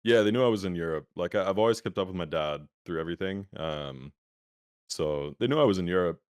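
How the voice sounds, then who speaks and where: A young man speaks as an interview guest, easygoing and full of filler words. His voice sits very low and has a smooth, resonant tone. The sound is dry and comes over a video call that sometimes stutters. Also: a little fast, no room sound. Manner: relaxed, many filler words like "um" and "like". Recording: laggy internet call audio.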